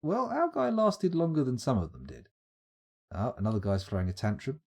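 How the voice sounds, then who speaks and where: A man's voice: mid-range voice, huge pitch swings, moderate pace, creaky, a little mellow. Wry man narrating gameplay. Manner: chatty, wry, thinking aloud. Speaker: streamer playing a game. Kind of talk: live gameplay commentary.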